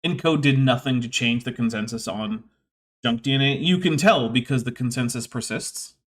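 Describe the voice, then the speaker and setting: A man's voice: mid-range voice, normal speed. A man hosting a live stream, chatting casually and sardonically, with frequent fillers. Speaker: streamer and host.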